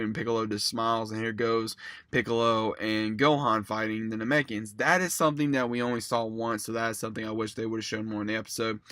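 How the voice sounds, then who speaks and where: A man's voice: mid-range voice, sharp tone, no echo, clean studio sound. A man casually reviewing an anime episode, retelling scenes in a rambling, profane way.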